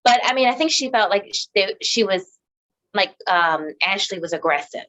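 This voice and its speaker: A woman co-hosting a casual chat show, measured and reasoning, often putting questions to her partner. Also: mid-range voice, lively intonation, a bit bright. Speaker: podcast co-host.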